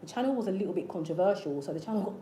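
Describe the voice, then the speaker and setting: Earnest woman coaching, mellow voice. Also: medium pitch, expressive, very fast, a little hiss or hum. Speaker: manifestation channel host. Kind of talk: casual motivational talk to camera. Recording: echoey room with faint ambience.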